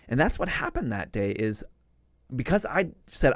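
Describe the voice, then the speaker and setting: Animated middle-aged man telling a story. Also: medium pitch, moderate pace, no room sound, clean studio sound. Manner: animated storyteller, acts out shouted quotes in a raised voice. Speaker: live stream host. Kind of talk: casual storytelling to a live audience.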